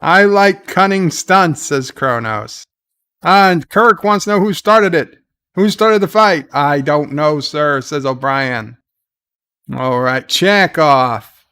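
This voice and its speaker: A man's voice: a little high, slow pace, pushed and bright, smooth. A man hosting a live reaction stream, rambling as he paraphrases scenes and reads viewer comments aloud. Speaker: livestream reaction host. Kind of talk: live commentary and chat reading.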